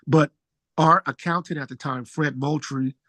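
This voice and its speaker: A man who is a musician guest, telling stories in a relaxed, slangy way and jumping high in pitch when excited. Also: moderate pace, dry recording. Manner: animated storyteller, jumps high when excited. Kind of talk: casual storytelling interview.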